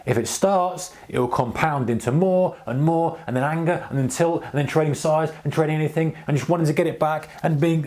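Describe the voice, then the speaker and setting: A man's voice: a little high, normal speed. Rambling male trading host. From United Kingdom. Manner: rambling, animated, acts out his inner voice. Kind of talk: casual to-camera advice talk.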